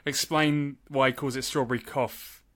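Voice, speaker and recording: A man co-hosting a film podcast, chatting casually with lots of fillers and excited reactions. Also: medium pitch, normal speed. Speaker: podcast co-host. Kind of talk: casual chat.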